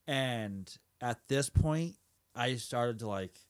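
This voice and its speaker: Podcast co-host, male, mid-pitched, plain storyteller who quotes characters as he retells. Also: lively intonation, slow pace. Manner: retells scenes step by step with quoted lines, casual fillers. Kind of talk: casual discussion of a TV episode.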